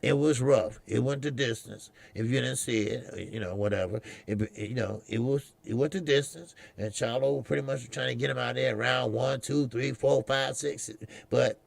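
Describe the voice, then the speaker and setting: A man's voice: mid-range voice, normal speed, gravelly, few pauses, no room sound. A man hosting a boxing talk stream, rambling and profane, repeating himself as he talks. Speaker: boxing show host. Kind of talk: casual live-stream commentary.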